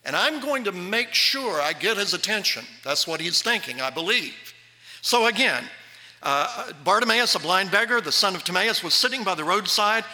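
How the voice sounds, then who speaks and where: A man preaching a sermon as pastor, animated and acting out the Bible voices. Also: high-pitched, normal speed, long reverb tail.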